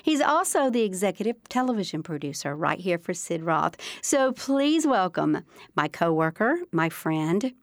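A woman's voice: lowish voice, very animated, normal speed, no echo, clean studio sound. A middle-aged woman hosting a faith podcast, introducing her guest in an effusive, enthusiastic way. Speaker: podcast host.

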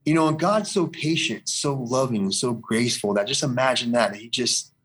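A man talks through his story in an earnest, rambling way, circling back and repeating lines to drive them home. His voice sits at an ordinary middle pitch for a man, neither deep nor high. He speaks as a guest in a conversation, giving his testimony. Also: animated, normal speed, fairly bright tone. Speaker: interview guest. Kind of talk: personal faith testimony in conversation.

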